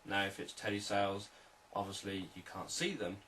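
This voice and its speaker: A man, a hypnotherapist, explaining sales techniques in a calm, repetitive, unscripted teaching talk. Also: lowish voice, normal speed, distant mic, a little hiss or hum, poor audio.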